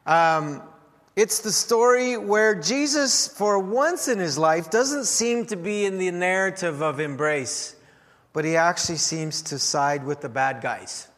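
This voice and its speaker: A man preaching a sermon as pastor, telling a story with wry humor and swings in loudness. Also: high voice, animated, measured pace. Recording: long hall reverb.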